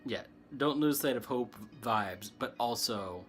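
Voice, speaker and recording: A man's voice: mid-range voice, a little slow, a bit bright, faint music behind. A man giving a casual, rambling tarot chat, answering comments and laughing often. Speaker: tarot reader and streamer. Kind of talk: casual spiritual chat, reading tarot cards.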